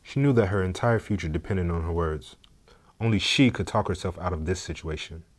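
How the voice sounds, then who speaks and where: A man narrating a story in a steady, measured, scripted way. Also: low voice.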